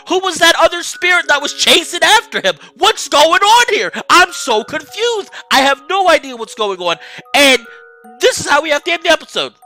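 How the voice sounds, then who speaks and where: A woman commentating a game in a bright, high voice that leaps around as she reacts. She bursts out in exasperation and chatters on between outbursts. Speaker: let's play host.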